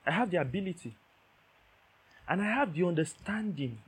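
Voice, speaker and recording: A man's voice: high voice, expressive, moderate pace, husky. A man preaching a sermon, emphatic, repeating key phrases and checking that listeners understand.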